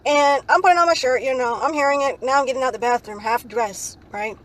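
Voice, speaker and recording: A young woman with a high voice tells a story fairly quickly in a casual vlog. She rambles, fills gaps with "like, um," and closes phrases with "right?". Audio quality is poor.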